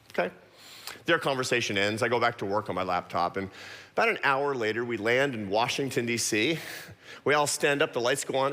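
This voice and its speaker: A middle-aged man giving a talk to an audience, telling a personal story with quick self-deprecating asides. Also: fairly high pitch, bright, forceful tone. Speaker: guest speaker. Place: large church auditorium. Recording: long hall reverb.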